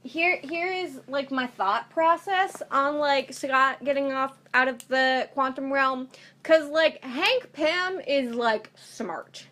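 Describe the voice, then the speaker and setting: A young woman chatting casually about a movie trailer, talking in excited tangents full of "like". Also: sits high, takes it slowly. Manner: chatty, lots of "like", animated tangents. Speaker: movie fan co-host. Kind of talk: casual chat.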